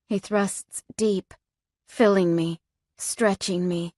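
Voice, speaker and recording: A woman narrating a first-person romance novel in a soft, intimate reading. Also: medium pitch, measured pace, no room sound, clean studio sound. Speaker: audiobook narrator.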